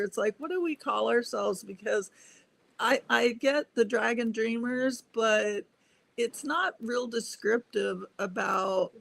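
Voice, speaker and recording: An older woman with a gravelly, rough-edged voice chats freely as a panel guest. She talks in a loose, rambling way and laughs easily between thoughts. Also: on the high side, a bit bright. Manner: chatty, laughs often. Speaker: guest speaker. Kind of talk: casual panel chat.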